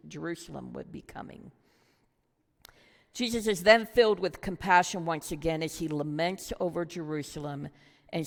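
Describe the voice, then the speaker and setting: A woman's voice: low voice, vocal fry. A woman teaching a Bible study lesson, earnest and reflective, putting questions to her listeners. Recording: long hall reverb.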